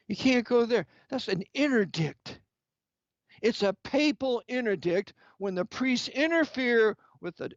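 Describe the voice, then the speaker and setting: High-voiced angry man preaching. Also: no room sound. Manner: angry, emphatic, rhetorical questions. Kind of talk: impassioned sermon-style lecture. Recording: dull, lo-fi, dry sound.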